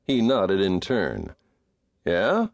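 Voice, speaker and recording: Brief: man, western audiobook narrator, animated delivery, dry close studio mic. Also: fairly low pitch, no room sound. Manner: measured, expressive storytelling. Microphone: studio microphone.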